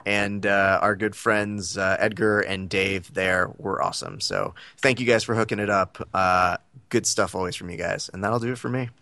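A man's voice: sits low, steady tone, normal speed, gravelly, sharp tone, no echo. A man co-hosting a podcast, chatting casually and rambling with many fillers. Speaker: podcast co-host. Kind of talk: casual chat.

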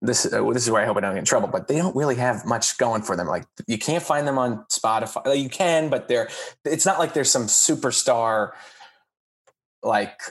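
A man, a podcast guest and actor, telling a rambling comic anecdote in casual chat with lively asides. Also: medium pitch, normal speed. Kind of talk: casual comedic storytelling.

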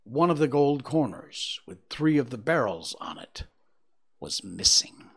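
Male audiobook narrator, theatrical storytelling, very lively pitch. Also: unhurried, vocal fry, slightly rough. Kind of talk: dramatic storytelling reading.

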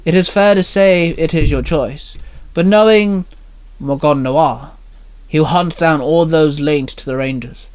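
A man voicing an old, hunched male wizard who speaks in a solemn, measured way. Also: fairly high pitch, darkish tone, lightly acted.

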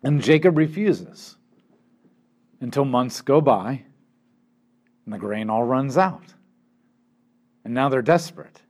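A man teaching through a Bible passage, retelling it with animated quoted voices and asides to his listeners. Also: mid-range voice, slow, pauses often. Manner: animated storytelling, acting out quotes.

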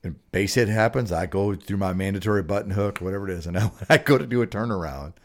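A man telling a casual story about officiating baseball, relaxed and often adding "right?". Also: deep voice, fast talker. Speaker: podcast co-host and sports official.

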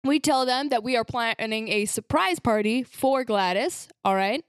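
A woman's voice: a little high, moderate pace, clear, resonant tone, dry recording, studio quality. A woman playing a tabletop game, jokey and playful, often stumbling over her words. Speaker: player.

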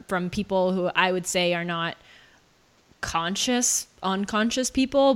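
Earnest woman coach, slightly low voice. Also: fairly bright tone, smooth. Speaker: podcast host, coach. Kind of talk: casual conversational chat.

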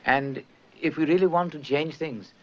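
An actor playing a calm, principled middle-aged Indian leader in a film, speaking softly and with quiet firmness. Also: male voice, fairly high pitch, normal speed, natural voice. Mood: calm resolve. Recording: muffled film soundtrack, faint background noise.

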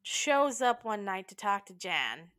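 A woman's voice: mid-range voice, very animated, unhurried, fairly bright tone. Chatty woman co-hosting a movie podcast. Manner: chatty, laughs often, self-deprecating. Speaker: podcast co-host. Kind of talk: casual movie chat.

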